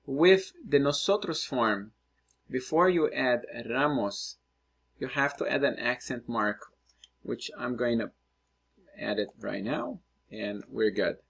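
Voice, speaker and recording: A man teaching Spanish, working through practice exercises out loud and thinking aloud as he writes. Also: medium pitch, gravelly, slightly rough. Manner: slow, patient, thinking aloud while writing. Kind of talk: screen-recorded lesson, working through exercises.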